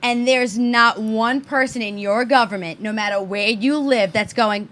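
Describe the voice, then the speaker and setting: Female co-host, high-pitched, heated and profane. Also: measured pace, few pauses, a bit bright. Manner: profane, emphatic ranting. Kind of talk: heated casual chat.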